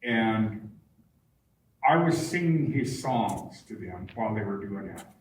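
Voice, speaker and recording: A man talks to a live audience in a large barn, heard from a distant mic, so his voice rings through a very echoey hall. his pitch is mid-range for a man. he tells his story in a meandering, conversational way, with a faint hiss under it. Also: lively intonation, slow pace, a little mellow. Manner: meandering, conversational, self-restarting. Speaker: guest speaker.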